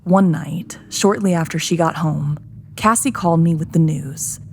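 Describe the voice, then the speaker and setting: Low, gravelly woman narrating horror. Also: normal speed. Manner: hushed, tense storytelling. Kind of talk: scripted first-person horror narration. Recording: narration over soft music.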